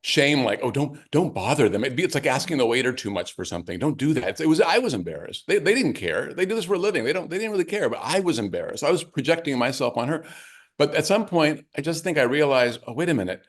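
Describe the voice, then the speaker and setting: A middle-aged man, an author and caregiver, talking things through in a halting, reflective way during an interview. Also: a little high, big pitch swings. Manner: reflective, halting, many restarts. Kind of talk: conversational interview.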